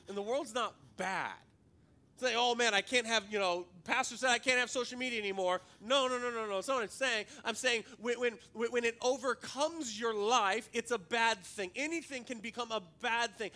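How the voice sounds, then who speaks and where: A man's voice: sits high, bright, forceful tone. A male pastor preaching a sermon in a conversational, joking way, often repeating words as he goes.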